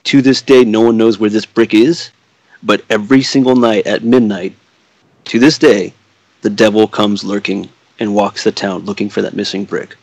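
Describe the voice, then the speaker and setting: A man's voice: fairly low pitch, level tone, moderate pace, vocal fry, darkish tone, no room sound, low-quality recording. A man on a podcast casually telling a spooky story, swearing freely and acting out the quoted dialogue.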